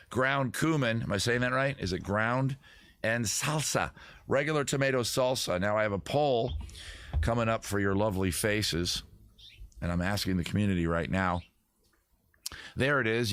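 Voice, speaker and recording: A man's voice: on the low side, fairly bright tone. A man hosting a casual livestream from his home computer, rambling and bantering with his chat in a mock-indignant way. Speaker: livestream host. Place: home setup at a computer with several monitors.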